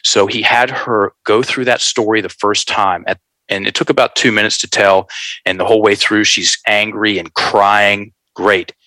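A man telling a story in an animated, folksy way, calling his listeners folks. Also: fairly low pitch, normal speed, no room sound, rough recording. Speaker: guest.

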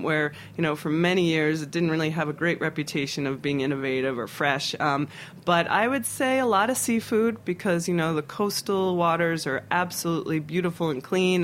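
A middle-aged man from Philadelphia talks about his cooking career in a loose interview chat. He stops and restarts often, padding his sentences with fillers, and his voice sits a bit high. Faint noise hums under the recording. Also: a bit bright. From Philadelphia, USA. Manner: halting, with many fillers and restarts. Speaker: restaurant owner and chef, guest. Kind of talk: casual interview conversation.

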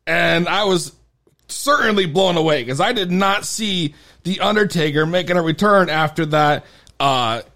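A man's voice: a little high, normal speed, pushed and bright. A man hosting a casual podcast, talking loosely, laughing easily and swearing. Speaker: podcast host.

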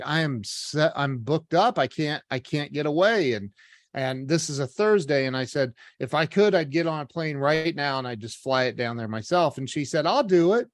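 A man telling a personal story in a casual, animated way, acting out the voices of the people in it. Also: a little high, dry recording, clean studio sound. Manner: animated, acts out quoted voices, many restarts.

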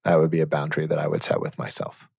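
A man teaching in a reflective conversation, measured and thoughtful, pausing to find his words. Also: extremely low pitch, monotone, vocal fry, a little mellow, breathy edge, no room sound, clean studio sound.

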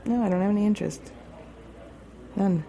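A woman's voice: mid-range voice, a little fast, gravelly, warm tone. A woman from Australia with an Australian accent, chatting on a podcast with dry, blunt, dismissive replies. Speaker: co-host. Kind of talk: casual chat.

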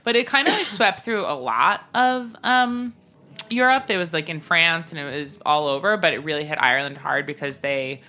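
Low, bright-toned woman co-host, jokey and animated in casual chat. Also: moderate pace. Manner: animated, jokey, chatty storytelling. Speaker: podcast co-host.

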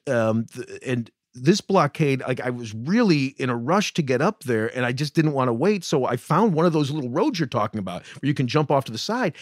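A man's voice: fairly high pitch, no room sound, studio quality. A man co-hosting a podcast, telling a road story in a casual, self-deprecating way with many restarts. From United States. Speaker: podcast co-host.

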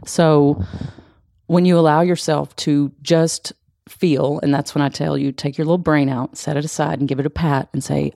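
A woman gently teaching about feeling emotions, talking in a soft, reflective way that often sinks to a hushed near-whisper. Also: low voice, steady tone, normal speed, vocal fry, no echo, studio quality. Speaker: emotional wellness coach. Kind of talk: conversational teaching.

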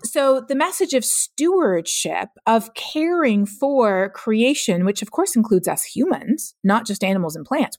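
A middle-aged woman, a climate scientist guest on a podcast, explaining her views in an earnest, measured way. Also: mid-range voice, a little mellow, no room sound, clean studio sound. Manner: earnest, explanatory, laughs easily. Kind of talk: podcast interview.

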